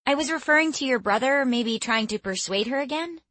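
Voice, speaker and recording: A woman voicing an excitable, eager teenage girl in an audiobook. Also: sits high, a little fast, pitched above the performer's own voice. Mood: teasing. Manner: eager, bubbly.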